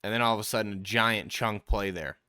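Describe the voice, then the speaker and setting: A man with a bright, forceful voice talks through football film like a coach. His tone is crisp and smooth as he walks the audience through each play step by step, addressing them as his team in a relaxed, chatty way. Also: on the low side, fairly quick. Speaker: quarterback trainer and show host. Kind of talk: casual football film breakdown commentary.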